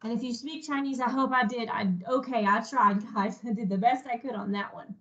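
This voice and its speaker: A woman's voice: on the high side, steady tone, brisk, a bit bright, highs cut off. A woman music teacher leading an online lesson, singing short phrases for children to echo and cheering them on, a little self-deprecating.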